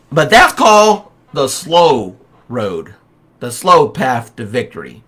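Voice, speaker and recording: A man's voice: fairly high pitch, a bit bright. A man coaching real estate agents on a livestream, speaking energetically and preachily and firing rhetorical questions at his viewers. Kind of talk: motivational livestream talk.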